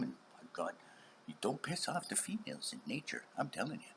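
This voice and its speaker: A middle-aged man in a rambling, profane vlog monologue, dropping to whispers and bursting into shouts. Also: low-pitched, wildly swooping pitch, moderate pace, vocal fry, slight background noise. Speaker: vlogger.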